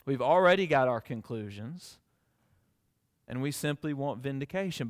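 A man preaching a sermon to his church, moving from casual storytelling into loud, impassioned scripture reading. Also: on the high side, clean tone, in a large hall. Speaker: pastor.

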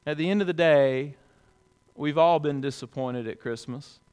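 A man preaching a sermon to a congregation, conversational and folksy, swinging between loud emphatic peaks and hushed low lines. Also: normal speed, clean tone. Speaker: pastor.

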